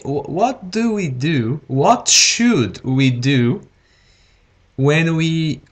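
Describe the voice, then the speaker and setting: Teaching grammar on a livestream, this English teacher has a higher-leaning male voice. His delivery is deliberately slow and careful, full of repeated words and frequent "okay"s.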